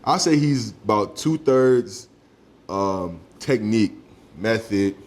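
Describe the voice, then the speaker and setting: A young man, a high school football recruit, talking casually in an interview, laid-back and quick to laugh. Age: young adult. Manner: relaxed, laughs easily, drawling slang.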